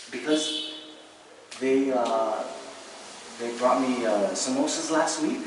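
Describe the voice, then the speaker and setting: A man gives a Buddhist teaching in a relaxed, conversational way, checking that his listeners follow. He sounds distant, in a big reverberant hall. Faint hiss runs underneath. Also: mid-range voice. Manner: conversational, checks in often with "right?" and "you understand?"; acts out ordinary views in quick asides, laughs lightly. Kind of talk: dharma teaching to a class.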